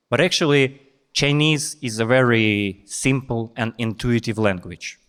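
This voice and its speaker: A young man with a Ukrainian accent doing deadpan stand-up comedy on a stage. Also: medium pitch, a little slow, clear, resonant tone. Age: young adult.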